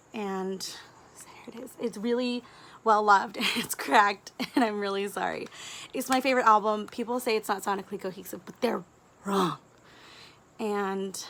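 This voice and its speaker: Chatty woman gushing about books, gravelly voice. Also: mid-range voice, a bit bright, a little hiss or hum. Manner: gushing and chatty, with quick asides and giggles. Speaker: book vlogger. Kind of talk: casual chat to camera.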